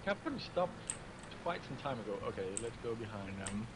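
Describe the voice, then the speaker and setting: Excitable man shouting over noisy voice chat. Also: medium pitch. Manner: excitable, shouts and swears in tense moments. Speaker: gamer teammate on voice chat. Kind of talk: gaming voice chat.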